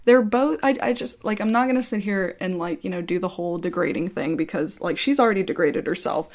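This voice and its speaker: A woman's voice: fairly low pitch, fairly quick, a little mellow. A woman YouTuber telling a story in a casual, rambling rant, heated and swearing freely.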